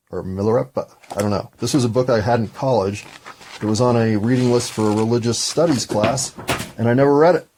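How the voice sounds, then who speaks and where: Husky, low-voiced man in his 50s, solo podcaster, rambling and self-mocking. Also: darkish tone. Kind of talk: casual reflective monologue.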